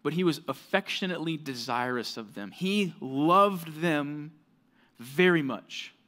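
A man's voice: a little high, lively intonation, unhurried, pushed and bright. A man preaching a sermon as pastor, conversational and earnest, with frequent fillers like "right" and "like".

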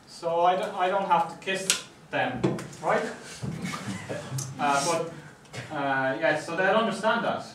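An Irish man with a fairly high, animated voice speaks slowly while giving a casual classroom lecture. The room is echoey and noisy, the mic distant, and he keeps checking in with students by asking "right?"

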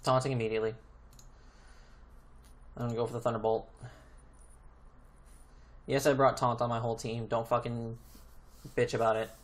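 A man narrating his own match as he plays it, talking to himself more than to anyone else. He swears freely and sounds worn down, thinking each move through aloud in a mid-pitched, ordinary voice. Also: little pitch movement, normal speed, pauses often. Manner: swears constantly, mutters to himself. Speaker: gaming YouTuber. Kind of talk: live gameplay commentary.

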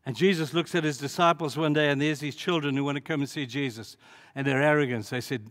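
A man's voice: a little high, steady tone, quick pace, fairly bright tone. A man preaching a sermon as pastor, telling the story dramatically and acting out the voices in it. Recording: long hall reverb.

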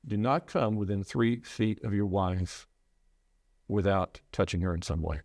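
A middle-aged man, a preacher, speaking earnestly about losing his wife, halting often and restarting his sentences. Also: low voice, vocal fry, darkish tone, no room sound, clean studio sound. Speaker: preacher sharing his loss. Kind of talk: reflective interview talk.

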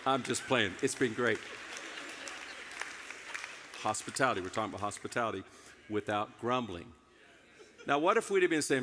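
Bright-voiced pastor preaching with humor. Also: male voice, mid-range voice, lively intonation, normal speed, long pauses, in a large hall, some chatter behind, a little hiss or hum. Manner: playful, self-teasing, repeats phrases. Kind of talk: sermon. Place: church sanctuary.

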